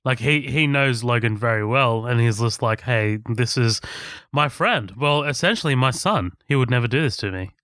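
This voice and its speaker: A man's voice: mid-range voice, animated, normal speed, a bit bright, dry recording, clean studio sound. A man co-hosting a podcast, chatting casually about a movie, laid-back and agreeable, swearing now and then. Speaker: podcast co-host. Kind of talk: casual movie recap chat.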